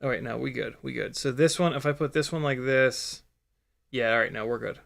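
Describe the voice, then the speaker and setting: A man's voice: medium pitch, fairly quick, creaky, fairly bright tone. A man hosting a casual live stream, talking through a hands-on build with rambling asides and swearing. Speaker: livestream host building a drone.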